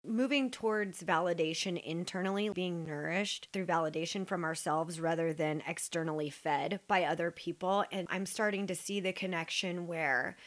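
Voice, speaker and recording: A woman's voice: fairly low pitch, moderate pace, hardly any pauses. Earnest, reflective woman speaking. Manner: earnest, introspective, quotes her inner voice. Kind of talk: reflective personal talk.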